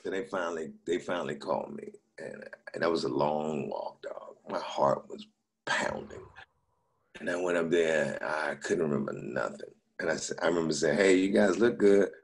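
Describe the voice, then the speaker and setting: His pitch is extremely low and gravelly, yet expressive, and he talks at normal speed. This middle-aged comedian, appearing as a guest, tells laid-back stories, laughing as he imitates the people he quotes.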